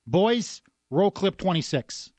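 High-voiced, sarcastic radio talk host. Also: male voice, sing-song, slow pace, darkish tone, no echo. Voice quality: sarcastic, scornful, mock gasps. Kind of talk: combative political radio commentary.

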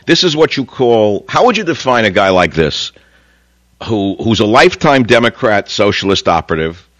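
A man's voice: a bit bright, dry recording. An older man hosting a talk radio show, delivering a combative, mocking monologue. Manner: combative, mocking, sweeping pitch jumps.

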